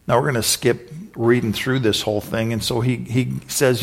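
Pastor guy preaching, retells the bible story and does the voices, mid pitch. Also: little pitch movement, moderate pace, vocal fry. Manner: storytelling, acts out the voices in the scripture. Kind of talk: sermon.

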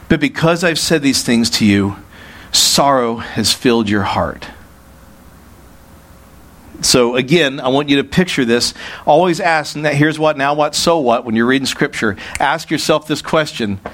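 A man preaching a sermon through scripture verses, animated, quoting speech in a raised, forceful voice. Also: medium pitch, a little slow. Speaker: pastor.

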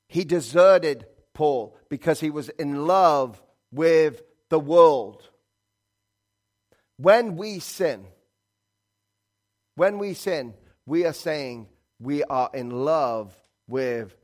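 A man preaching a sermon in an earnest, halting way, reading scripture and hymn lines aloud. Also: fairly high pitch. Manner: earnest, halting, with restarts and quoted prayers.

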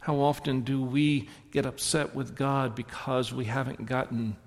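A man preaching in a church, telling stories and swinging between soft reflective moments and animated punchlines. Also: medium pitch, unhurried, big-room sound. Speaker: pastor. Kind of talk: sermon. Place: church sanctuary.

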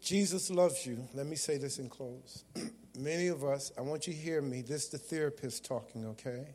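A man preaching a sermon as a guest preacher, calling out to the congregation and shouting at times. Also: mid-range voice, moderate pace, husky. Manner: call-and-response preaching with bursts of shouting. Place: church sanctuary. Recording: long hall reverb.

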